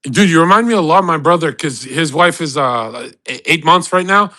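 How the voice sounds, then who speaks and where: A man in his thirties, hosting a casual live audio chat, rambling loudly, laughing and acting out the voices of people he quotes. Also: a little high, animated, moderate pace. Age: 30s. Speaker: host.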